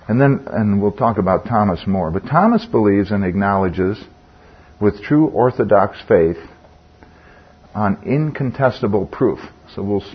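Husky older man teaching Bible study. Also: fairly low pitch. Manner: conversational, asks the group questions, with fillers and restarts. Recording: dull lo-fi sound.

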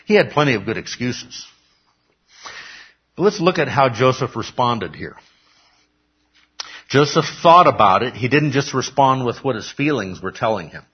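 A male preacher delivers a chatty sermon, his husky voice swinging up and down as he acts out quoted lines. He keeps checking in with listeners. The recording sounds dull and lo-fi. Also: medium pitch, expressive, moderate pace, long pauses. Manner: conversational, frequent "okay?" check-ins, acts out quotes.

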